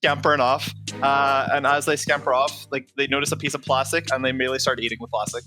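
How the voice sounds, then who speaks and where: Bright-voiced man playing a tabletop game. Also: medium pitch, level tone, fast talker, soft background music. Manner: casual, laid-back, descriptive. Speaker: player.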